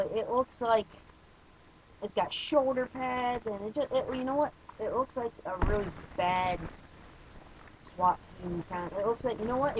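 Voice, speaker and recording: A man's voice: high-pitched, highs cut off, heavy background noise. A man giving a casual spoken movie review, hesitant and rambling, with many fillers and blunt opinions.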